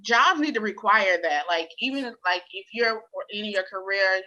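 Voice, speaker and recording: A woman's voice: mid-range voice, normal speed, bright, forceful tone. A woman co-hosting a podcast in casual chat, earnest and supportive. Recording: dull lo-fi sound.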